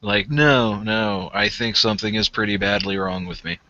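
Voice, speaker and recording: A man's voice: on the low side, fairly even intonation, normal speed, bright, forceful tone, no echo. A man joking around as a player in a tabletop game. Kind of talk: tabletop role-play banter. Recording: dull lo-fi sound.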